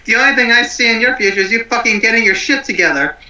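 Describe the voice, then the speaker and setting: A man's voice: extremely high pitch, animated, quick pace, bright, forceful tone, echoey room, exaggerated voice, poor audio. A man putting on a foul-mouthed, furious celebrity chef who teaches at a wizard school, ranting and swearing constantly.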